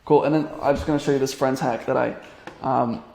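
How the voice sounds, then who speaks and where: A young online business coach talks through a casual screen-share tutorial, rambling with lots of fillers and restarts. His mid-range voice is creaky and a little mellow, fairly even in intonation and fairly quick, with a roomy sound.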